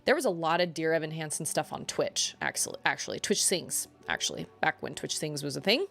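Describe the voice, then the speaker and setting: A woman's voice: deep voice, lively intonation, brisk, vocal fry, fairly bright tone. A woman livestreaming, chatting casually and rambling as she reacts to her viewers. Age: adult parent. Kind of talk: casual chat.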